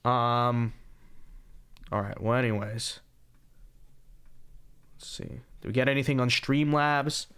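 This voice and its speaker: This young male podcast host takes it slowly, leaving long pauses, in a mid-range voice that's a bit bright and clean. Worn out but talkative, he chats casually on a livestream and reads super chats, tossing in sarcastic jokes and repeated catchphrases.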